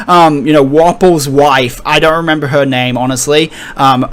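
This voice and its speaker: A man's voice: a little high, steady tone, unhurried, few pauses, fairly bright tone, smooth. A man casually reviewing a comic chapter with rambling, hesitant talk and frequent laughter. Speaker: anime and manga reviewer. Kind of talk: casual commentary.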